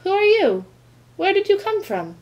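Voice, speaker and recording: A woman's voice: high-pitched, big pitch swings, moderate pace, pitched above the performer's own voice. A woman voicing a small, earnest boy mouse in a read-aloud storybook, eager and anxious.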